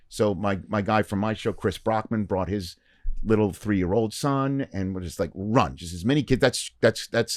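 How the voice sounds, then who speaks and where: A man's voice: lowish voice, darkish tone, no echo, studio quality. A middle-aged man hosting a podcast, telling a long anecdote in a casual, rambling way with lots of fillers. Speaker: podcast host. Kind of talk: casual storytelling chat.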